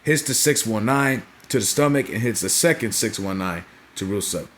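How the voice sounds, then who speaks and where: A man's voice: fairly low pitch, animated, moderate pace, fairly bright tone, a little hiss or hum. A young man casually recapping a wrestling show, rambling and profane, forever tagging on "right?" and "you know what I'm saying?".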